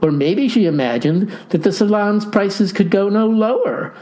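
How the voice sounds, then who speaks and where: A man's voice: sits high, moderate pace, dark tone. A man narrating a comic tale in a dry, wry manner with folksy, old-fashioned phrasing. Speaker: storyteller.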